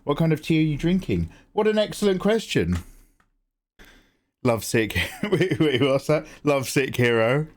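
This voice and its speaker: A man's voice: on the high side, big pitch swings, moderate pace. Young streamer host, playful and jokey, chats with viewers at his desk mic. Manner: playful, jokey, mock-grand asides. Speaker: livestream artist host. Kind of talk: casual chat reading viewer messages.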